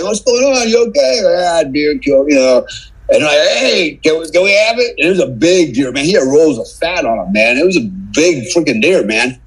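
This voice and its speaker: This middle-aged American podcast guest has a medium-pitched, slightly rough voice, captured on a low-quality recording. His casual anecdote is salty and peppered with curses, and "man" and "right?" keep popping up at the ends of his sentences.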